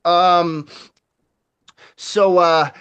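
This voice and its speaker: A man's voice: sits high, very slow, smooth. A man telling a rowdy story in casual conversation, swearing freely and acting out sound effects and other people's lines. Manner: animated, swears a lot, acts out quotes and sound effects. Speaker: guest storyteller.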